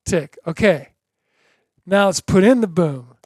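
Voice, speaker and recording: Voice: medium pitch, normal speed, a little mellow, dry recording, clean studio sound. A drum teacher giving a beginner lesson in an encouraging way, chanting drum syllables in rhythm.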